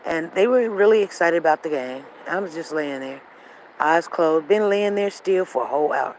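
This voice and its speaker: A woman hosting a casual show, telling a family story in a repetitive, animated, conversational way while walking outdoors. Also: low-pitched, moderate pace, slight background noise, low-quality recording. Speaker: show host. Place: walking outdoors near traffic.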